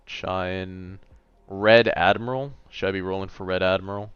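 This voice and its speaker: A man's voice: deep voice, fairly even intonation, unhurried, a bit bright, clear, resonant tone, dry recording, highs cut off. A man in his late twenties chatting casually and a little tiredly on a gaming livestream, reading and answering chat. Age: late 20s. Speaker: gaming streamer.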